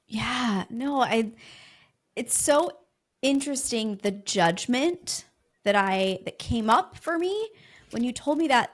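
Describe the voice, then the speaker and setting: A woman podcast host in a casual conversation, affirming and animated as she responds. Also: a little high, slow.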